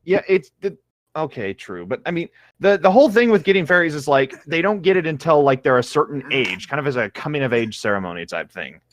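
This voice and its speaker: Male co-host, hedging casual talk, lively intonation, dry. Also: fairly high pitch, brisk, dry recording. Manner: hesitant, hedging explanations. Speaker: podcast co-host. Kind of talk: comedic casual chat.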